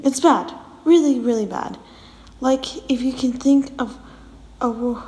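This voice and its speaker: Slow-talking woman telling a story. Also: fairly high pitch, mellow, echoey room, slight background noise, low-quality recording. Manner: chatty, restarting words, talking to the viewer. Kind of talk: casual story narration.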